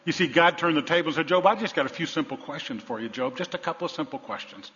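Male pastor, preaching, storytelling, loud then hushed, long church reverb, dull sound. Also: a little high, quick pace. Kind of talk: sermon. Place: large church sanctuary.

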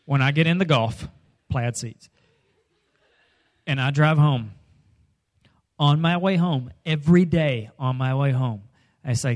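A middle-aged man preaching a comedic sermon, animated and jokey, acting out voices with sudden loud outbursts. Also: mid-range voice, a little slow, long pauses.

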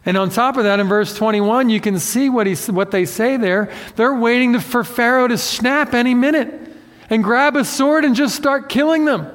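A man with a notably high voice preaches a conversational sermon, animated and self-deprecating, often acting out what people say. His voice carries a long reverb, as if he is speaking in a hall. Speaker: pastor.

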